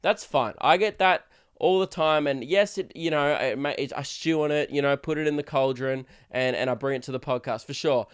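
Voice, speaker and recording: A man's voice: on the high side, brisk, clean tone. A young Australian man hosting his own podcast, ranting in a sarcastic, swearing, casual way. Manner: swearing, sarcastic, shouts for effect. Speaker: podcast host and comedian. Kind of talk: casual solo podcast rant.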